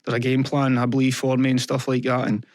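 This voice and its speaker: A young Scottish man speaks in an earnest, halting way, retelling events and quoting other people as he goes. His pitch stays fairly level and even, and the sound is close and dry with no room around it. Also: no room sound. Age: young adult. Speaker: podcast guest. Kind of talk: candid personal interview.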